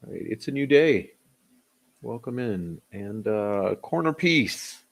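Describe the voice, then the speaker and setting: A man chats on a casual livestream, reading chat names aloud and greeting people while he rambles with laughs and fillers. His pitch is fairly low with some vocal fry, his intonation lively, and his pace slow.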